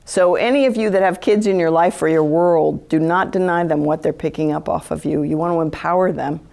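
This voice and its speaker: A woman giving a live talk to an audience in a chatty, animated way, often acting out quoted thoughts. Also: low-pitched, fairly quick, creaky. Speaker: speaker giving a talk on empathy.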